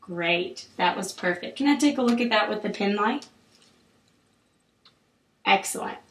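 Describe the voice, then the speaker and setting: A woman clinician calmly guiding a patient through an oral exam, with steady, encouraging instructions. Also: medium pitch, unhurried, slight background noise. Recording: roomy echo.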